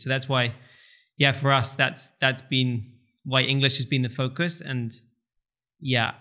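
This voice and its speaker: Male guest, bright tone, measured and businesslike. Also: medium pitch. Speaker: podcast guest. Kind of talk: casual interview chat.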